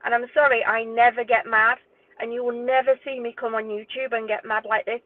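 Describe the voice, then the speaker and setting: A woman's voice: a little high, little pitch movement, fairly quick, dry recording. A woman ranting indignantly as a true crime YouTuber, swearing and exasperated. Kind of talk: angry direct-to-camera rant. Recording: tinny phone-like dry audio.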